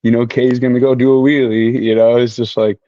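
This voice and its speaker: A man's voice: mid-range voice, brisk, no echo, muffled recording. A man who races motorcycles, a guest talking casually and easily with many fillers. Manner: relaxed, many fillers like "you know". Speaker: podcast guest, motorcycle racer. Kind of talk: casual conversation.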